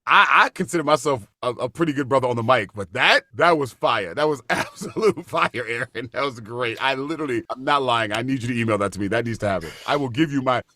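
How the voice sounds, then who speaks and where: A man's voice: medium pitch, quick pace, few pauses, dry recording. Effusive man guesting on a podcast. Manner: animated and effusive, repeats himself for emphasis. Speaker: podcast guest, stage actor. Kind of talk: casual interview chat.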